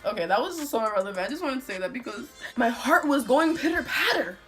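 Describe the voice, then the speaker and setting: A woman's voice: fairly high pitch, fast, faint music behind. Woman vlogger ranting a story, voice jumps all over, cusses a lot. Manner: animated, profane, slangy storytelling. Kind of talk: storytime vlog.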